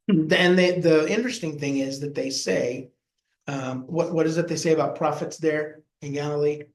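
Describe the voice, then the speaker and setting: At a normal speed and fairly high pitch, a middle-aged pastor teaches Bible study in a homespun manner, frequently performing the quoted characters' voices. It was recorded in an echoey room.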